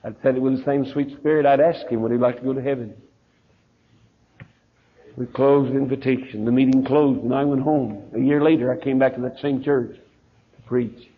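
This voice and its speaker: A pastor with a Southern US accent, telling a story in a sermon and acting out the voices of the people in it, heard on a dull lo-fi recording. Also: male voice, medium pitch, steady tone, normal speed, husky. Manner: folksy preacher, acts out quoted voices.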